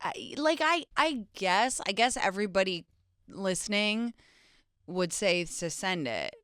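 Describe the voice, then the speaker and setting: A woman's voice: mid-range voice, measured pace, clear, resonant tone, dry recording, studio quality. A woman hosting an advice podcast, talking frankly and expressively in casual chat. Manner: expressive, frank, reacting with disgust. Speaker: podcast host.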